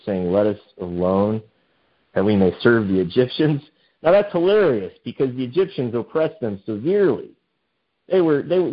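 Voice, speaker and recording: Guy pastor doing a chatty bible study, reads verses then explains, kinda dull lo-fi audio. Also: medium pitch. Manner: reads scripture then comments conversationally, many fillers. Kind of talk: informal Bible study sermon. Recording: dull lo-fi sound.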